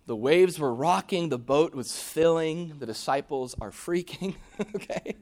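Male preacher, slightly raised pitch, dynamic delivery that builds loud then drops to a hush. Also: expressive, measured pace, pauses often. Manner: dynamic preaching, swinging from loud emphatic peaks to hushed near-whispers. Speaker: pastor. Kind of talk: sermon.

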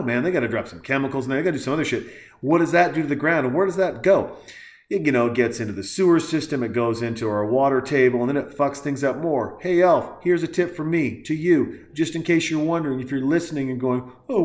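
A man's voice: mid-range voice, a little fast. A man hosting a podcast, delivering a crude, heated and sarcastic rant as casual commentary. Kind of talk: profane ranting commentary. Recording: echoey room.

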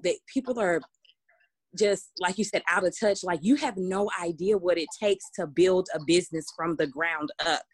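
A woman's voice: fairly low pitch, no room sound. A woman, co-hosting a casual podcast discussion, talking emphatically with many restarts. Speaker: podcast co-host.

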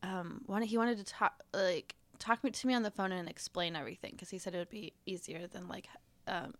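A woman's voice: medium pitch, steady tone, brisk, no echo. A woman in her thirties, a little congested, telling a story in casual chat with lots of fillers and laughter. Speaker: podcast guest.

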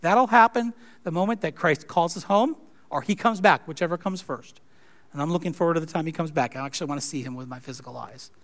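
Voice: medium pitch, quick pace. Conversational pastor preaching a sermon. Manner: conversational, wry asides with laughs.

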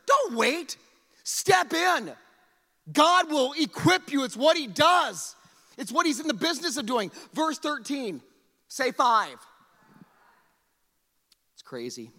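A man pastor preaching a sermon in a church, animated, repeating words and acting out quotes. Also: very high voice, slow, long pauses. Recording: long reverb of a large hall.

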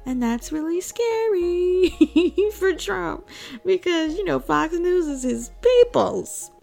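A woman's voice: very high voice, very animated, slow pace, vocal fry, darkish tone, soft background music. A woman hosting a casual political commentary, outspoken and emphatic, breaking into laughing asides.

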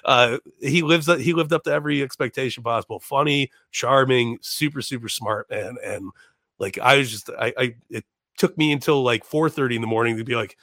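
Animated storyteller man, swearing, dry close mic. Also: medium pitch, fairly quick, dry recording. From Chicago. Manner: animated, swears freely, acts out quotes in raised voices. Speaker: podcast guest. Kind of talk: casual storytelling.

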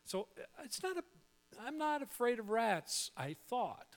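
A male pastor telling a humorous story in a sermon, animated and full of quick restarts. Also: very high voice, noisy background.

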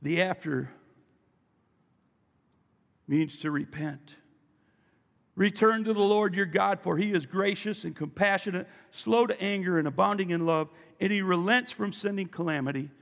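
A man's voice: sits high, normal speed, vocal fry, long pauses, fairly bright tone. A male pastor preaching a sermon with emphasis and calling the congregation to repeat after him. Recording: long reverb from a large hall.

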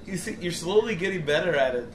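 A man's voice: high-pitched, animated, fast talker, slight background noise. A man co-hosting a podcast with casual, crude banter, teasing his friend and laughing often. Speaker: podcast co-host. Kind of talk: casual banter while gaming. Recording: echoey room with music behind.

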